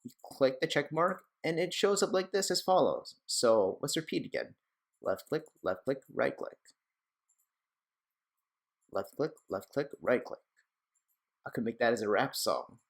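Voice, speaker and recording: A young man talks through a software tutorial in a loose, chatty way, wandering off into small asides and jokes about his own slip-ups. His voice sits at an ordinary middle pitch for a man. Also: lively intonation, normal speed, vocal fry. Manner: chatty, rambling, self-deprecating asides. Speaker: tech tutorial host. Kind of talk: casual screen-recorded tutorial.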